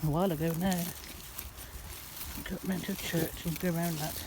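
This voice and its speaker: A woman vlogging a casual walk through a quiet churchyard outdoors. She coos to her cats in a high, sing-song voice. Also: steady tone, normal speed, noisy background. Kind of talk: casual walking vlog.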